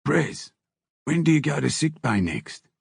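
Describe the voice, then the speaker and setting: A man voicing a rough, blunt male prisoner with a husky, dark voice. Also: fairly high pitch, big pitch swings, a little slow, dry recording, clean studio sound, pitched above the performer's own voice, full character voice. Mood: gruff. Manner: blunt, crude. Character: rough male prisoner, loyal tough mate.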